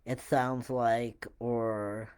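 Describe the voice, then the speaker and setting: Man giving relaxed parenting advice. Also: medium pitch, smooth. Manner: relaxed, halting, with many fillers and restarts. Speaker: parenting educator. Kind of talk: casual instructional talk to camera.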